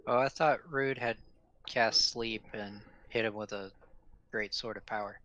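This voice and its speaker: A man's voice: on the low side, fairly even intonation, measured pace, fairly bright tone, highs cut off. A man playing a tabletop game, talking in a laid-back casual way. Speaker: player.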